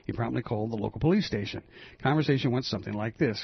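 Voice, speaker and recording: A man's voice: medium pitch, fast talker, creaky, husky, no room sound. A man hosting a radio talk show, chatting loosely and telling a joke with a self-deprecating manner on a dull, lo-fi broadcast.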